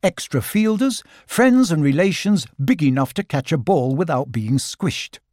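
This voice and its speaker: Male storybook narrator, gentle and expressive, animated, dry booth. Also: a little high, measured pace, dry recording. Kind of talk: audiobook narration.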